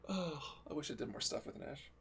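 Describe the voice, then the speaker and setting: A man's voice: a little high, expressive, fairly quick, gravelly, a bit bright, a little hiss or hum. A man hosting a casual livestream chat, rambling and restarting his sentences and laughing often. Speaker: livestream host.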